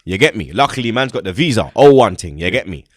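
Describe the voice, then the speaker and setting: A man's voice: lowish voice, very animated, quick pace, no echo. A young man, hosting a casual chat and telling a story while acting out how other people reacted. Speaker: host.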